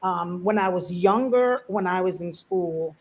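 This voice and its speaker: Woman panelist, Belizean-American, chatty and animated, lots of fillers. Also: on the low side, a little slow, low-quality recording. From United States, Belizean family. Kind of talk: casual panel discussion.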